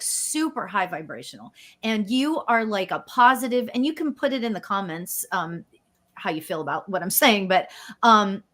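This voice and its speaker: A woman who works as a spiritual medium, co-hosting a live stream and giving card readings in an effusive, excited and emotional way. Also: mid-range voice. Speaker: spiritual medium, guest co-host.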